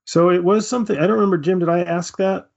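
A man with a gravelly, creaky voice plays at a tabletop game, often unsure and checking what happened. The recording sounds dull and a little lo-fi. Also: high-pitched, fairly even intonation, fast talker, darkish tone. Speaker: player.

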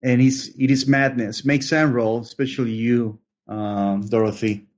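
A man narrates a tabletop horror session as game master, slow and halting, often stopping on fillers as he feels for the next words. His voice sits at an ordinary male pitch and comes through a dull, lo-fi voice chat line. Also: little pitch movement.

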